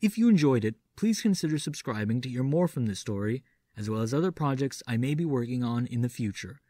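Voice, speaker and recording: A man narrating an audiobook in a measured, theatrical manner, doing an impression of a classic horror-film actor. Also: mid-range voice, lively intonation, mellow, no room sound, studio quality. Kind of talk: audiobook reading doing a Vincent Price impression.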